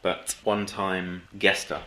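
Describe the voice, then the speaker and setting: A man co-hosting a podcast, joking and swearing in lively casual banter. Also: sits low, measured pace. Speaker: podcast co-host. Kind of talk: casual chat. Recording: echoey room with clear hiss.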